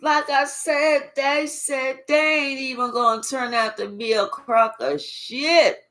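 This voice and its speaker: Woman tarot reader, slow profane drawl, somewhat high voice, unhurried live reading. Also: steady tone, fairly bright tone.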